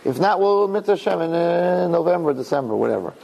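A middle-aged man, a rabbi, telling stories to an audience in an animated way, repeating phrases and acting out dialogue. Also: on the high side, fast talker, gravelly. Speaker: rabbi and speaker. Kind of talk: storytelling talk to an audience. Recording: long reverb in a hall.

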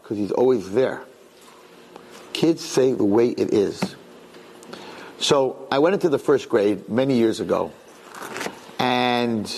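A middle-aged man, a rabbi, telling stories to an audience in an animated way, repeating phrases and acting out dialogue. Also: medium pitch, gravelly. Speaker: rabbi and speaker. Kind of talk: storytelling talk to an audience. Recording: long reverb in a hall.

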